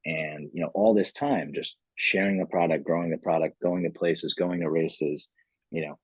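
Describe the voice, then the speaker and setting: Male founder, podcast guest: very low, husky voice, dry sound, loose rambling storyteller. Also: steady tone, normal speed, dry recording, rough recording. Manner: rambling, many "you know" fillers. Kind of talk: casual storytelling interview.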